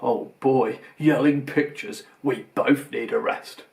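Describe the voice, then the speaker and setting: A man voicing a nervous male thief sidekick with a low, slow, quivery voice. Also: steady tone, gravelly. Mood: gruff.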